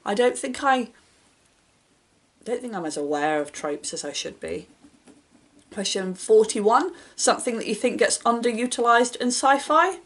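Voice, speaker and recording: Woman book vlogger, casual and self-deprecating, bright question reads, offhand answers. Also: fairly high pitch, expressive, normal speed.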